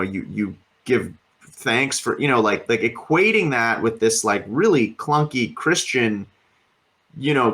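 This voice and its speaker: A man's voice: mid-range voice, a bit bright. A man co-hosting a podcast, chatting casually and rambling with lots of fillers and casual swearing. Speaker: podcast co-host. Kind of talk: casual chat.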